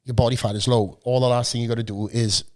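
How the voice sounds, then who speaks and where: A Welsh man in his forties, a bit hoarse from a cold, chatting as a podcast guest and telling stories full of swearing and jokes. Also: medium pitch, level tone, fast, darkish tone. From South Wales. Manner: swearing, storytelling, joking. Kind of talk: casual chat. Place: podcast studio.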